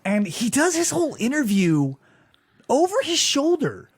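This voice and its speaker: A man co-hosting a podcast, chatting casually in an animated, incredulous way, swearing often and filling his talk with "like". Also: extremely high pitch, measured pace, husky, no room sound. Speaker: podcast co-host. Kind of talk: casual comedic recap chat.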